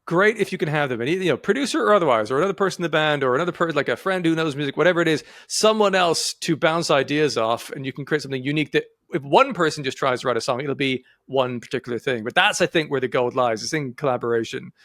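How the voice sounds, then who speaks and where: A man's voice: on the high side, fast, hardly any pauses, fairly bright tone, dry recording, clean studio sound. A man hosting a casual music interview, enthusiastic and rambling as he builds his questions. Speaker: interview host.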